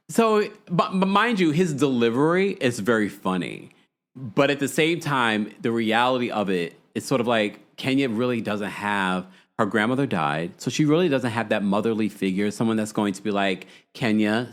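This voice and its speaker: A male host of a casual live show, talking freely to his viewers and reading their chat messages aloud. His delivery is loose and animated, with frequent laughs and pitch that jumps up whenever he wants to stress something. He sits at a middle pitch for a man. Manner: chatty and animated, laughs often, swings his pitch up for emphasis. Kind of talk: casual livestream recap of a reality show.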